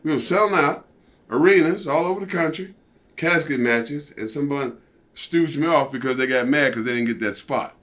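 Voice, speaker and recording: A middle-aged man, a former pro wrestler, telling stories in a casual interview, animated and profane, peppered with "you know" and "see". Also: moderate pace. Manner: animated storyteller, jumps high for quoted outbursts.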